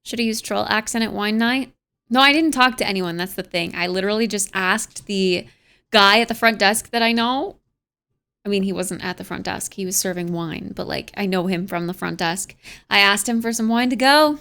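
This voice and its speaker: A woman's voice: medium pitch, normal speed, bright, forceful tone, smooth. A young American woman streamer chatting casually at home, reading viewers' messages aloud and musing on them with frequent laughs. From United States. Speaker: livestreamer.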